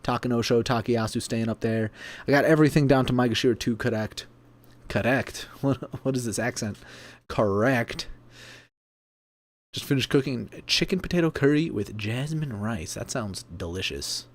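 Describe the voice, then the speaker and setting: A man chats casually on a home livestream, at a middling pitch for a man. He pokes fun at himself, laughs easily, and keeps talking between bites of food. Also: brisk. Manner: chatty, self-deprecating, laughs often. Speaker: sumo livestream host.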